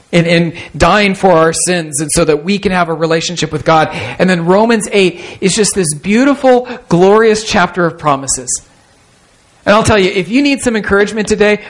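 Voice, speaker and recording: A male pastor delivering a sermon, reading scripture aloud and explaining it with emphatic asides, slowing down to stress key phrases. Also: fairly high pitch.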